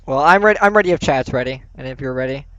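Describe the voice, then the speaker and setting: Casting a live-streamed esports tournament, this man keeps things casual and jokey, giggling and often laughing at his own expense. He talks quickly at a medium pitch, with an expressive delivery and a fairly bright tone. The recording is dry, picked up by a dull lo-fi stream mic.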